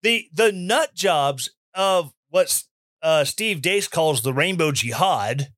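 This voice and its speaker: A man giving opinion commentary in an animated, sarcastic rant, mimicking people he mocks. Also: a little high, slow, dry recording, studio quality. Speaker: commentary host.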